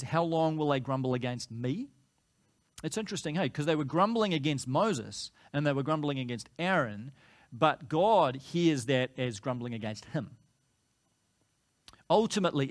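A pastor preaching a conversational sermon, rising and pressing when he voices complaints. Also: on the high side.

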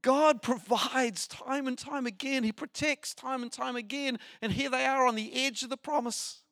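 A man preaching a sermon as pastor, animated, asking the listeners rhetorical questions. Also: very high voice, moderate pace, dry recording, studio quality. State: short on sleep.

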